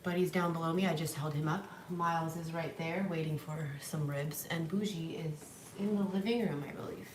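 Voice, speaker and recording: A young woman streams live from home, talking fairly quickly with few pauses in a deep, steady voice. Casual, blunt and profane, she stops between stories to coo at her dogs. Her distant mic picks up an echoey room and plenty of noise.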